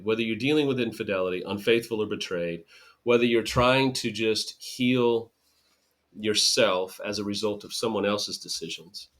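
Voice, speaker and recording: A man's voice: lowish voice, fairly bright tone. A man hosting a solo podcast about healing relationships, talking earnestly and animatedly, often acting out quoted speech. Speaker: podcast host.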